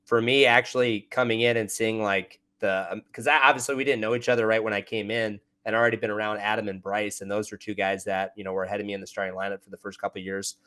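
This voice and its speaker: A man's voice: on the low side, level tone, fast, hardly any pauses, a bit bright, clear, resonant tone. Casual male podcast host. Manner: casual, filler-heavy anecdotes. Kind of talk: casual interview chat.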